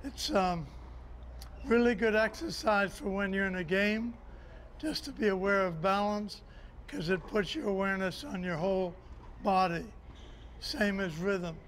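A man with a high-pitched voice coaches a tennis student outdoors. He talks calmly and encouragingly, with gentle teasing. Faint background hiss sits under his words. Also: a little slow. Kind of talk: on-court instruction.

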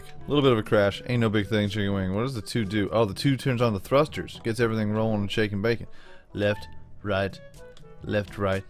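Excitable slangy male gaming host. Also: fairly low pitch. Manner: excitable, slangy, rambling, talks to himself while playing. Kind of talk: casual let's-play commentary.

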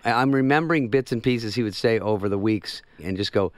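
Smooth-voiced male comedian telling stories. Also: fairly low pitch, brisk, no room sound. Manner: deadpan storytelling, acts out quotes. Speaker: comedian guest. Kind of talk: telling anecdotes in interview.

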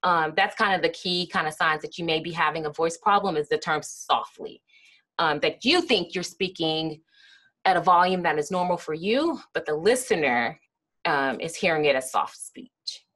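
Lecturing woman, slightly low voice. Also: normal speed, a bit bright. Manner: explanatory, with frequent "um" and "kinda", acting out example phrases. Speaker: speech therapist giving a lecture. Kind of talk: educational lecture.

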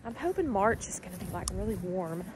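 A woman's voice: mid-range voice, animated, a little fast, background noise. A woman chatting casually to the camera while doing chicken chores outdoors and talking sweetly to her hens. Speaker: chicken keeper vlogger. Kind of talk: casual vlog narration during chores. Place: outdoors at a chicken coop in freezing weather. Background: clucking chickens.

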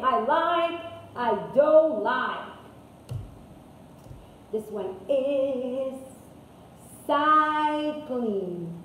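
A high-voiced woman leads a children's English class, drawing words out slowly and repeating them in a lilting, sing-song way. Her voice rings in a very echoey room, and a faint hiss sits underneath. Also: expressive, recorded from a distance. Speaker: English teacher.

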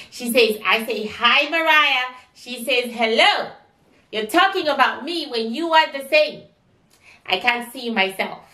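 A woman's voice: medium pitch, pushed and bright. A woman giving a spiritual psychic reading in a chatty, repetitive, exclamatory way, recorded from a distance in an echoey room. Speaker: psychic reader.

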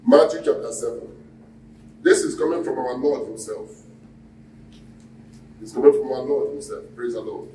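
A man's voice: medium pitch, normal speed, long pauses, dark tone, a little hiss or hum. Man preaching call-and-response in an echoey hall. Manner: call-and-response preaching, asks the congregation questions. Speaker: pastor. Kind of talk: sermon. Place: church hall. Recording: echoey hall, mic at a distance.

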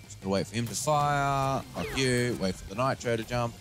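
A man's voice: medium pitch, moderate pace, over music. A man playing a video game and chatting, muttering at the screen and swearing when it goes wrong. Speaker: co-host and player of a gameplay channel. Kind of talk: casual gameplay commentary.

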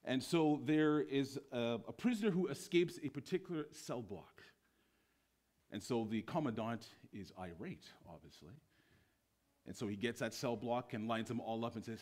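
A male preacher delivers a sermon to his church at an ordinary pitch. His intonation swings widely as he tells his story. He is playful and acts out the voices of the people he quotes. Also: animated, normal speed, a little mellow.

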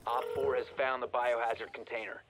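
An actor playing a calm male mission announcer in a video game, with clipped, matter-of-fact delivery, heard as game audio in a noisy stream mix. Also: medium pitch, a little fast, crowd noise, lightly acted. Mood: briefing.

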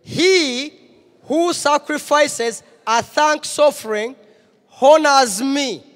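A man pastor preaching a sermon in a church, with a call-and-response delivery that rises to shouts. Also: very high voice, slow pace. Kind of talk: sermon, English and Luganda. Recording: church hall reverb.

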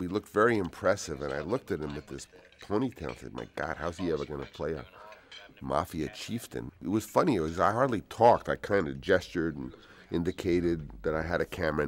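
A man in his sixties telling anecdotes in a relaxed, rambling way for a film commentary, dropping to soft-spoken asides. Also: deep voice. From United States. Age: 60s. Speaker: film director. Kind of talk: DVD audio commentary, anecdotal storytelling.

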